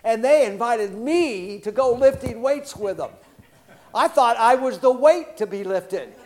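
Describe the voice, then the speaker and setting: Older man, preacher, lively folksy sermon, high voice, calls for amens. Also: moderate pace. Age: 60s. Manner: folksy, animated, calls out to the congregation for responses.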